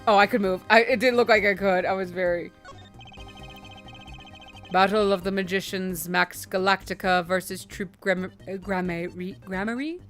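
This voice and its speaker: A woman's voice: mid-range voice, steady tone, moderate pace, fairly bright tone, soft background music. A woman streamer commenting casually while playing a game, with murmured asides.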